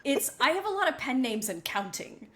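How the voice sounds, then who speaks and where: A woman co-hosting a podcast as a book coach, talking in a bubbly, animated, teasing way. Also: sits high, moderate pace, slight background noise. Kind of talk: casual chat.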